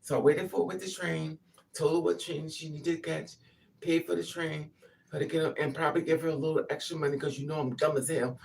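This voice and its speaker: She talks a little fast in a low, gravelly voice, telling a personal tale in a casual monologue. Animated throughout, she acts out what other people said, heard via a distant mic with faint noise.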